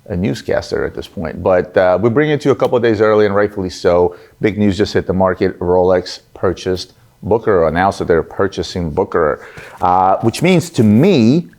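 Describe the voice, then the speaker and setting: A man's voice: sits low, expressive, moderate pace, a little mellow. A man hosting a watch news show, giving his opinions in a conversational way and often asking rhetorical "right?"s. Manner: conversational, asks rhetorical "right?", some fillers.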